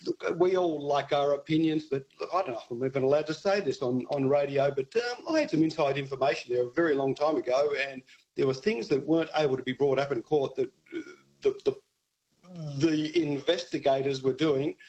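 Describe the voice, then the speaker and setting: A man's voice: a little high, darkish tone, lo-fi sound. Hesitant male radio caller. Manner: hesitant, halting, with many restarts. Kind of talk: casual talkback call.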